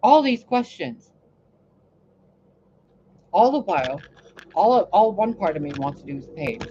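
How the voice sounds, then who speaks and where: A woman talking in a casual, rambling monologue on her channel, cursing often and swinging between loud outbursts and quiet asides. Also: medium pitch, sing-song, measured pace, pauses often, highs cut off, a little hiss or hum. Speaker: spiritual reader and channel host.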